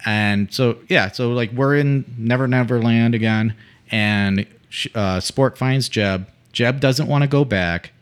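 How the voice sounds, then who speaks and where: A man retells a story in a loose, conversational way, pausing on fillers and restarting his thoughts. His voice sits at a middle pitch for a man. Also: clean tone. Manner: hesitant, recaps with many fillers. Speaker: podcast co-host. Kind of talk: casual chat retelling a plot.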